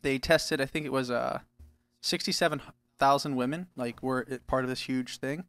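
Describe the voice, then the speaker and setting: A man's voice: medium pitch, steady tone, normal speed, fairly bright tone, clean tone, dry recording, faint music behind. A man co-hosting a podcast, joking around in casual chat and reading the news loosely. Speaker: podcast co-host. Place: studio.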